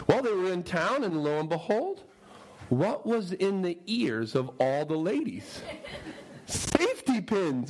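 A male preacher tells a story in a sermon, swinging his intonation widely in a slightly high voice. He is humorous and animated, often turning to his listeners with questions. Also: unhurried, breathy edge, poor audio.

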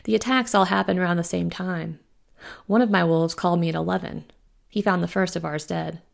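A woman's voice: lowish voice, fairly even intonation, brisk, gravelly. A woman reading the lines of a hard-edged female werewolf leader, clipped and grim.

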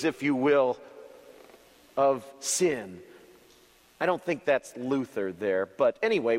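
A man preaching a children's sermon as an expressive storyteller who uses dramatic pauses. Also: mid-range voice, big-room sound. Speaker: pastor.

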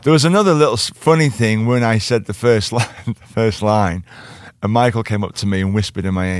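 A man with a Liverpool accent telling an animated story as a guest and acting out the quotes in other voices. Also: on the low side, a little fast, few pauses, no room sound, clean studio sound. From Liverpool, England. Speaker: actor guest. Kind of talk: casual chat, storytelling.

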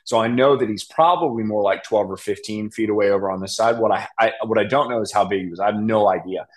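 A young man telling a hunting story in a casual podcast chat, animated and laughing, acting out what others said. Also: fairly low pitch, fast talker. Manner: animated, laughing, acts out quotes. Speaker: podcast guest.

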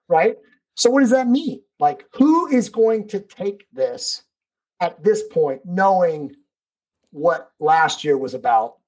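A man's voice: high-pitched, low-quality recording. A man speaking as a podcast guest in casual conversation, emphatic and preachy, swearing freely.

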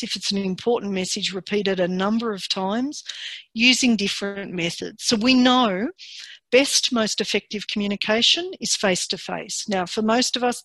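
A woman giving a workshop presentation in a calm, measured and encouraging way. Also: medium pitch, no echo.

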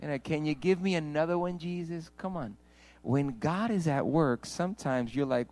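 A man preaching a sermon as pastor, swinging from hushed pleading to loud, passionate declarations. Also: on the high side, moderate pace, poor audio.

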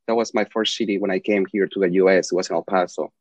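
A man's voice: deep voice, fairly even intonation, fast talker, darkish tone, no echo. A man from Peru with a Spanish accent, a talkative interview guest telling long rambling stories. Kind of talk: casual interview storytelling. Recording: dry, slightly dull lo-fi sound.

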